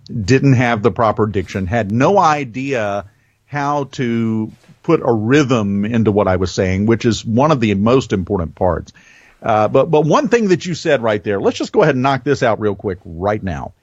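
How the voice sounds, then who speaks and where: A seasoned radio man with a light Southern accent, talking in a lively, up-and-down voice. He speeds up and slows down on purpose, like a born storyteller. The sound is dry and a little muffled, as if over a remote line. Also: no echo. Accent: Southern American, softened. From American South. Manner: animated storyteller, varies speed and pitch deliberately. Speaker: radio host, guest. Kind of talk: conversational podcast interview.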